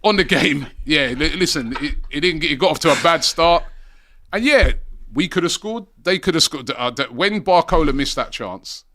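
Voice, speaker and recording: A middle-aged man chatting casually about football as a podcast pundit, animated and repeating his points for emphasis. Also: a little high, moderate pace.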